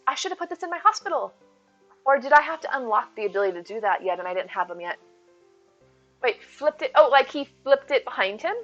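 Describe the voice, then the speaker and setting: A woman's voice: high voice, fairly bright tone, highs cut off. Chatty woman streamer thanking her chat. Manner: chatty and rambling, reads chat aloud, thanks viewers. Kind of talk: casual live-stream chat.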